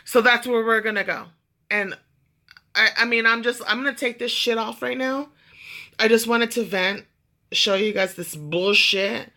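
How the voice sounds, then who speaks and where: A woman's voice: fairly high pitch, unhurried. A young adult woman vlogger telling a ranting story, swearing freely and acting out what people said. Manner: animated storytelling, acts out quotes.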